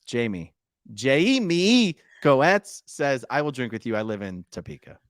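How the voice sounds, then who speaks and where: A man with a lively, up-and-down voice chats casually as a podcast co-host, teasing his partner and reading viewer comments aloud. The sound is dry and close, with no room around it. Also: mid-range voice, unhurried, no echo. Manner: playful and teasing, reads comments aloud in bursts. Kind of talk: casual chat.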